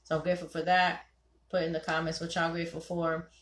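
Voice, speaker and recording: Young woman giving advice on a call, lively and preachy, echoey room. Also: on the low side, fast talker. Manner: animated, preachy, quotes her husband in voices. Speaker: host of a ladies' night call. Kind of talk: casual talk to listeners.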